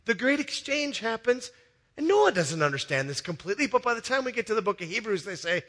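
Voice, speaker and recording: A male pastor preaching a sermon in a church with a balcony, telling a story that swings from loud, excited passages to soft, hushed ones. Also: high-pitched, fairly quick.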